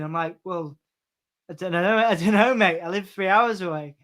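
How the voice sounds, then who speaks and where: High-voiced man calling wrestling. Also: fairly bright tone. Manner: stammering restarts, quick play-by-play calls. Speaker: co-host of a wrestling watch-along. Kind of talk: casual chat with live commentary.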